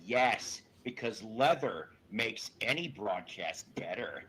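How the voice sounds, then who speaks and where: A man's voice: on the low side, lively intonation, takes it slowly, a bit bright, a little hiss or hum. A man co-hosting a comedy podcast, bantering playfully and slipping into mock announcer voices. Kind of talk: joking banter.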